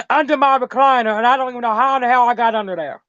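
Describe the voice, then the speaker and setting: A woman's voice: on the high side, fast talker, a bit bright, dry recording. A middle-aged woman telling a story as an interview guest in a casual, rambling, repetitive way, swearing freely. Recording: dull lo-fi dry recording.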